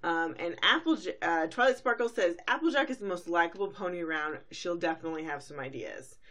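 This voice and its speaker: A woman podcast host recaps a cartoon episode in chatty, rambling talk. Her fairly bright voice sits a little low, and she fills her speech with fillers and briefly acts out quick character quotes.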